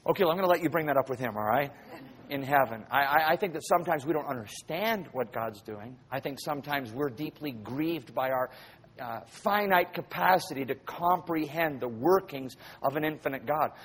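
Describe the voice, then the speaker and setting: A man's voice: a little high, expressive, moderate pace, fairly bright tone, husky. A man preaching a sermon who tells stories vividly, acts out scenes and keeps asking his listeners questions. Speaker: pastor.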